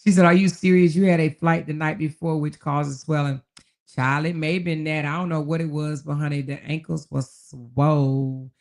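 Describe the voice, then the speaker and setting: A livestream host with a low, gravelly voice full of vocal fry chats casually at a normal pace, reading her viewers' comments aloud. She's folksy and affectionate, calling people baby, child and honey, and laughs frequently as she talks.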